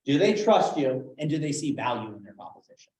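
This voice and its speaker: A man running a live sales training session, animated, acting out different tones of voice as examples. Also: medium pitch, a little fast. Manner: animated, demonstrates tones with acted quotes. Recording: echoey room.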